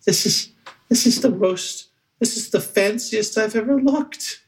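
A man's voice: high voice, breathy edge, pitched above the performer's own voice, exaggerated voice. A man voicing a timid, weepy male goblin who is eager to please and stammers nervously. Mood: teary. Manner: halting, breathless and stammering.

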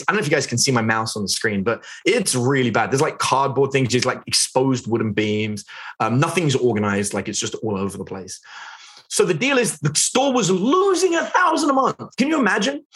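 Animated man teaching a live webinar. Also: mid-range voice. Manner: chatty, asks the chat questions, lots of "like" and "right?". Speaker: online business instructor.

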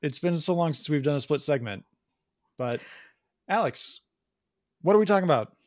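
A man's voice: a little high, lively intonation, moderate pace, dry recording. A man hosting a podcast in casual chat, blunt and irreverent in how he talks. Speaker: podcast host.

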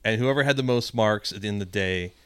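A man's voice: fairly low pitch, quick pace, clear, resonant tone, dry recording. Profane storytelling man, dry sound. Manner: profane, animated storyteller acting out quotes. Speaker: podcast co-host. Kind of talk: casual storytelling chat.

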